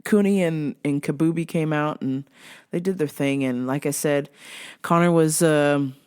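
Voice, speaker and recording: A woman hosting her own show, ranting in a casual, animated and exasperated way, swearing freely. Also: sits low, a little slow, clear, resonant tone. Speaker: show host.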